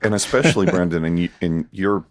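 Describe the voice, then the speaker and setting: A man with a fairly low voice hosts a casual podcast conversation. He talks easily, relating his own experiences of running a business. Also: a little fast.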